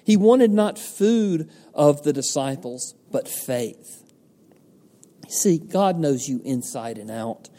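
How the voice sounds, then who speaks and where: Male pastor, unhurried, mellow tone, earnest sermon delivery, long hall reverb. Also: on the high side, expressive. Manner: earnest preaching, poses rhetorical questions and answers them.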